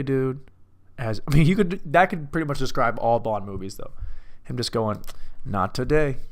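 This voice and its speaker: Rambly guy talking movies alone, gravelly voice, swears a lot. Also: medium pitch. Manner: rambling, self-mocking, profane. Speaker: film reviewer. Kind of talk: casual movie commentary. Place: alone in a room.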